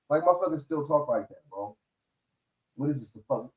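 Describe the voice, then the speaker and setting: A man hosting a live stream, reacting to police videos with loud, profane, sarcastic commentary. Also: medium pitch, animated, fairly quick, a little hiss or hum. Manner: loud, sarcastic, laughing, swearing often.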